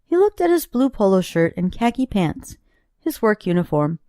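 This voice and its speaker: A woman's voice: mid-range voice, very animated, moderate pace, dark tone, dry recording. Woman reading an audiobook, dry and close. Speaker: audiobook narrator.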